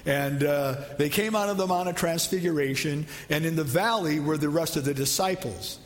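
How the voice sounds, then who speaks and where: A man's voice: fairly high pitch, moderate pace, long reverb tail. A man preaching a sermon as pastor, conversational and asking his congregation questions.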